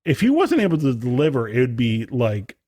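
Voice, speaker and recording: A young man co-hosts a podcast in loose, casual chat. He rambles enthusiastically, piling up fillers and restarts. His mid-pitched voice sounds dry and close, with no room around it. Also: wildly swooping pitch, a little fast, warm tone, dry recording. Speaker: podcast co-host.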